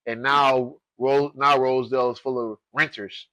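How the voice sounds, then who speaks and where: A man's voice: mid-range voice, level tone, moderate pace, bright, forceful tone, dry recording, low-quality recording. A middle-aged man from Detroit co-hosting a podcast in casual chat, laid-back and slangy, often saying "you know what I'm saying". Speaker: podcast co-host.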